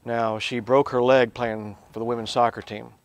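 A man who is a professor, teaching a Bible lesson in a lively way, swinging from quiet asides to loud, emphatic bursts. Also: mid-range voice, normal speed, clean tone.

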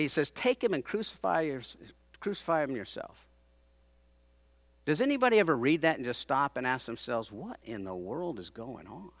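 A man preaching a sermon, dramatically acting out the people he quotes, rising to loud peaks and dropping to hushed tones. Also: no echo. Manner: dramatic, acts out quoted speakers with big swings in loudness; drops to hushed low tones for emphasis.

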